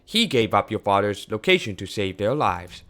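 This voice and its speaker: A man reading a game aloud, voicing an older male scientist mentor who speaks in a quiet, measured, sorrowful way. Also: lowish voice, big pitch swings. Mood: somber.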